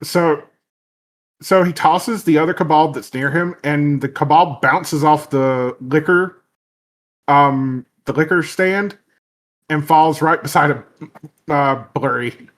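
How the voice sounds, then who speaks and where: A man narrating a tabletop game as game master, relaxed with frequent fillers. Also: a little high, slow pace.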